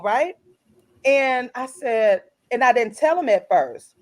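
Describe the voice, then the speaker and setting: A middle-aged woman, an author guest co-hosting a podcast, telling a personal story in an earnest, animated way and acting out other people's lines. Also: fairly high pitch, slow. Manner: earnest, animated, retells scenes in voices.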